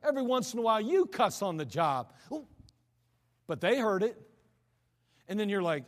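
A man's voice: high-pitched, sing-song, normal speed, pauses often, in a large hall. A man preaching a sermon in a conversational way, acting out the voices of people he quotes. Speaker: pastor.

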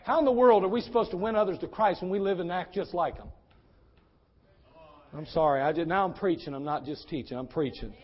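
Male pastor, high voice, fiery sermon delivery, muffled lo-fi sound. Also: fairly quick. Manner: fiery, swings from quiet to shouting.

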